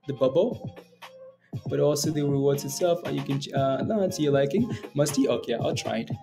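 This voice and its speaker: A man's voice: medium pitch, animated, fairly quick, gravelly, warm tone, faint music behind. A man hosting a day-trading livestream, rambling casually with many fillers and short laughs as he reads the chat. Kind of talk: casual live-stream commentary.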